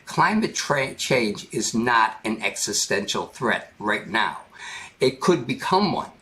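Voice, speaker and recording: A man's voice: mid-range voice, very animated, bright, forceful tone. American guy being interviewed, earnest, keeps restarting his sentences. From United States. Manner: halting and earnest, many restarts. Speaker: guest commentator. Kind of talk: interview conversation.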